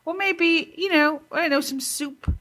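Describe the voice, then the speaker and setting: A British woman co-hosting a podcast, sarcastic and animated, laughing often. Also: sits high, a little slow. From Britain. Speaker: podcast co-host. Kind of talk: casual banter.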